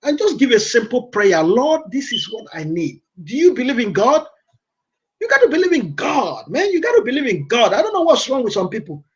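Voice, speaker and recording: Male motivational radio host: high, swooping voice, emphatic and repetitive, dull lo-fi recording. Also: wildly swooping pitch, brisk. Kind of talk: preaching broadcast.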